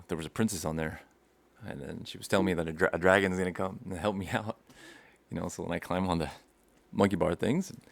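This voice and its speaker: A man's voice: sits low, creaky. A young man casually telling a rambling childhood story to camera, acting out scenes and laughing often. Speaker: vlogger.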